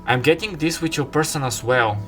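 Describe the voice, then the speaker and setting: A man's voice: on the high side, fairly quick, a bit bright, faint music behind. A man giving a casual tarot card reading, rambling and filling his talk with "like" as he describes the cards. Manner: rambling, filler-heavy, says "like" constantly. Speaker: tarot reader. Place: room with an open window.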